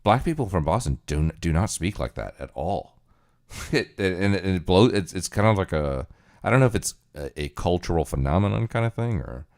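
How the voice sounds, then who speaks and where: A man with a very low voice hosts a casual livestream. He rambles loosely and muses out loud as he works through his thoughts, often circling back to restate a point. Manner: musing, rambling, thinking aloud. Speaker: livestream host.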